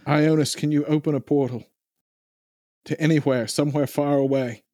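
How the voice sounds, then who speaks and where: Deadpan man at a tabletop game. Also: a little high, normal speed, no echo, clean studio sound. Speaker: player.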